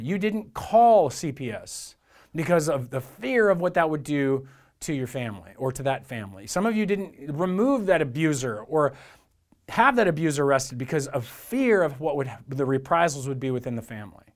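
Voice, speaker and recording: Male pastor, slightly high voice, earnest conversational sermon delivery. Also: animated, moderate pace. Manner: earnest, conversational preaching with rhetorical repetition.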